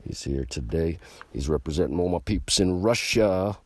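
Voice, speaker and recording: A man hosting a podcast, delivering a brash, boastful and profane rant that gets louder and higher when he is worked up. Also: lively intonation, moderate pace, dry recording, studio quality. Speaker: podcast host. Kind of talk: ranting podcast monologue.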